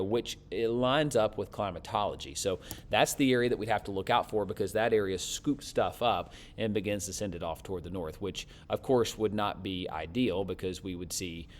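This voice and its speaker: Weatherman reading his comments, friendly casual guy, keeps thanking folks. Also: lowish voice. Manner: friendly, chatty, thanks viewers often. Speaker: weather forecaster.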